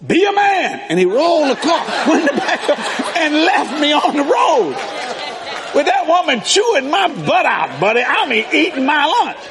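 Preacher guy, high voice swooping all over, echoey hall. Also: moderate pace, a crowd in the background. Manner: animated storytelling preaching with laughs. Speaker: pastor. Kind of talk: sermon.

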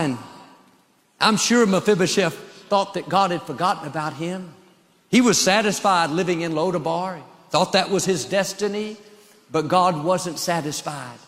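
A man's voice: high-pitched, in a large hall. A male pastor preaching a sermon with an emphatic, repetitive cadence.

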